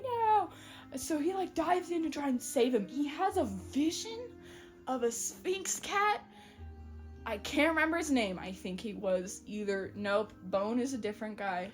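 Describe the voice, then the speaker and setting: High voiced woman gushing about a story, keeps giggling, voice jumps all over. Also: soft background music. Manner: giggly, animated, acts out quick character voices. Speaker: podcast co-host. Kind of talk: casual chat, retelling a book plot.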